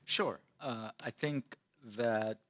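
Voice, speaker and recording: A male official from a city department answers questions at a council meeting, speaking slowly in a mid-range, fairly bright voice. His manner is conversational, with many fillers and restarts.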